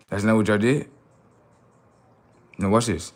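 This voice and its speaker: A man hosting a livestream, ranting in a preachy, confrontational way and talking back to his chat, swinging from loud outbursts to low mutters. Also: a little slow. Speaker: livestream host. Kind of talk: casual livestream rant.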